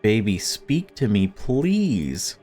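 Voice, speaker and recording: A man voicing a frantic, grieving mother in a horror game, pitching his voice up. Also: huge pitch swings, takes it slowly, mellow, faint music behind, exaggerated voice. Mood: desperate.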